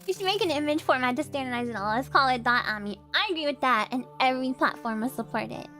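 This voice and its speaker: A woman's voice: high-pitched, lively intonation, fast, pushed and bright, soft background music. Giggly young woman streamer. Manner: giggly and chatty, laughs often. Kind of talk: casual game commentary and dialogue reading.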